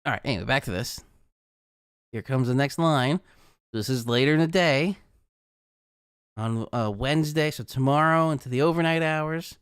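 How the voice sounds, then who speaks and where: A man's voice: mid-range voice, normal speed, long pauses, clean tone, no echo, studio quality. A young adult man hosting a live weather stream, talking casually through forecast maps and laughing at his own asides. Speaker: weather livestream host.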